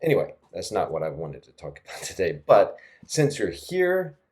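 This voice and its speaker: A middle-aged man with a low, mellow voice walks through a screen-recorded language tutorial. He talks in a casual, chatty way, full of fillers and soft laughs, close to a desktop mic. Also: wildly swooping pitch, moderate pace. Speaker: language teacher.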